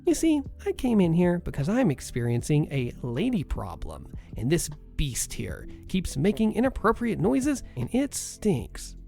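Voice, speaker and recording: A man's voice: high-pitched, wildly swooping pitch, unhurried, creaky, few pauses, a little mellow, faint music behind, pitched above the performer's own voice, full character voice. A man voicing a rude middle-aged woman patient who screeches and demands, scornful of everyone around her. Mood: shrill scornful.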